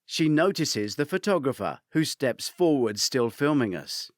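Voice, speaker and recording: A man narrating a first-person thriller audiobook, shifting between characters in an animated reading. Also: mid-range voice, unhurried, dry recording, studio quality.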